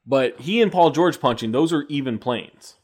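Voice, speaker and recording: A man co-hosting a casual basketball podcast, talking with a lot of energy and breaking into laughter now and then. He drops curse words freely and keeps the tone loose, at an ordinary pitch for a man. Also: moderate pace. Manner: animated, swears casually, laughs often. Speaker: podcast co-host. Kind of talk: casual sports chat with banter.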